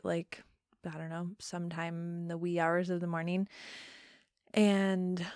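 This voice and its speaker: A young woman in her twenties telling a personal story in a casual interview, soft-spoken with many pauses and ums. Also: fairly low pitch, clean tone, dry recording, clean studio sound. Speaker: podcast guest.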